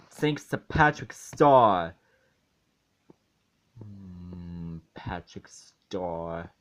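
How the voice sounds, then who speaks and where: A man giving a ranting episode review in an exasperated, halting way, often restarting his phrases. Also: medium pitch. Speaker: online reviewer.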